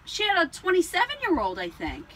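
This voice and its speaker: A woman's voice: very high voice, wildly swooping pitch, a little fast, a bit bright, rough recording. A woman co-hosting a casual chat show, telling stories animatedly, acting out the voices she quotes and laughing often. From New Jersey. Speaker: podcast co-host.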